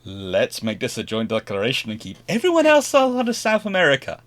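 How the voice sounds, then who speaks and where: A man's voice: medium pitch, wildly swooping pitch, brisk, fairly bright tone. A man with a British accent voicing exasperated British diplomats who coax and plead in a raised voice.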